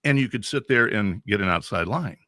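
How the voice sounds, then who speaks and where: A man in his sixties from Central California, a veteran radio DJ telling stories as a podcast guest in an animated, chuckling way. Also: fairly low pitch, a little fast, no room sound, clean studio sound. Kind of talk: casual storytelling.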